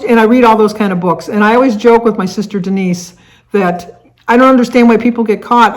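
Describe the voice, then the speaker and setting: An older woman from the Detroit area, United States, chatting casually to camera as a vlogger, rambling with lots of fillers and restarts. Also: medium pitch. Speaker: vlogger hosting a tag video.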